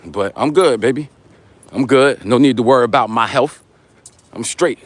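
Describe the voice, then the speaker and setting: A man's voice: mid-range voice, moderate pace. A man in his forties with a New York accent, casually chatting on a live stream while walking and teasing viewers in street slang. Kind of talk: casual live-stream chat reading comments.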